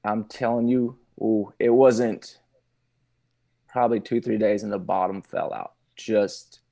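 A man, a pastor telling his personal testimony in casual conversation, halting with many restarts and laughing now and then. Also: lowish voice, steady tone, vocal fry, mellow.

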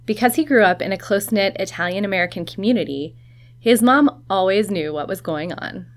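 A woman host reading scripted narration that introduces guests, with a smooth presenter delivery. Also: medium pitch, a little fast.

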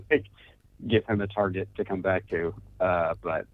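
A man's voice: sits low, unhurried, dry recording, narrow, tinny audio. A man chatting casually, answering with wry jokes. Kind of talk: casual chat.

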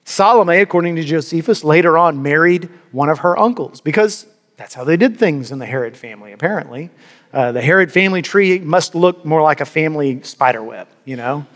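A male pastor delivering a sermon in a fairly high voice for a man, earnest and emphatic, doubling words as he presses his point. His voice carries a long hall reverb, as in a church sanctuary. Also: expressive, a little fast, fairly bright tone.

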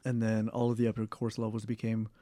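A young man in a casual interview, talking in a rambling way with many fillers, restarts and throat clearing. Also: fairly low pitch, completely flat delivery, quick pace, mellow, no room sound, studio quality. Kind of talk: casual oral history interview.

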